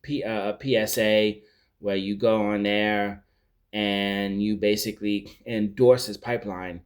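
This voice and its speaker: A man's voice: on the low side, fairly even intonation, measured pace, lightly acted. A man doing a pushy, blunt publicist woman.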